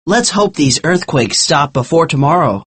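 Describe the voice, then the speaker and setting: A narrator voicing a teenage boy who calmly explains things in a storybook. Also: low voice, normal speed, slightly rough. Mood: explaining. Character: teenage boy Bill, steady and informative.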